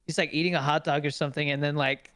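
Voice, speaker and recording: Laughing, animated male podcast co-host. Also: on the high side, fast, no room sound, clean studio sound. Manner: animated storyteller, acts out quotes, laughs often. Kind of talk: casual chat.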